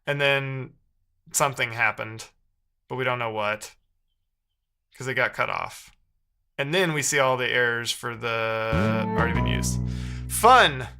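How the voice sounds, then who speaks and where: A man's voice: mid-range voice, measured pace, pauses often, bright, forceful tone, clear, resonant tone, soft background music. A man live-streaming himself debugging code, thinking aloud and trading sarcastic banter with his chat. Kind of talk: casual live-stream coding commentary.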